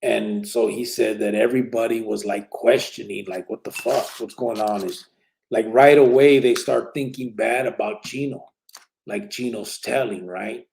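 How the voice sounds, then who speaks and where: A man's voice: on the low side, fairly even intonation, moderate pace, vocal fry, darkish tone, slight background noise, poor audio. A man casually telling a personal prison story in street slang, with many restarts and "you know what I'm saying". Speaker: podcast host telling his prison story.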